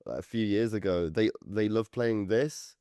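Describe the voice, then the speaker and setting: A man with a very low voice co-hosts a podcast in a relaxed, thoughtful way. He sometimes stops to search for the right word, and the sound is close and dry with no room. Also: moderate pace, smooth, dry recording. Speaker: podcast co-host. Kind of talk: casual chat.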